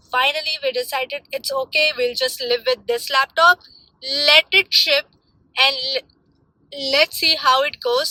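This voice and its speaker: Indignant young woman vlogger, high bright voice, dry close sound, emphatic casual rant. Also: no echo, low-quality recording.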